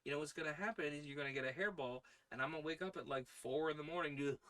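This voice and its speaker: A man's voice: on the high side, very animated, fairly quick, bright, forceful tone. A man hosting a story-reading podcast stream, chatting casually and playfully between readings and teasing his cats. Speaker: podcast host reading old stories aloud. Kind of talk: casual chat on a live stream.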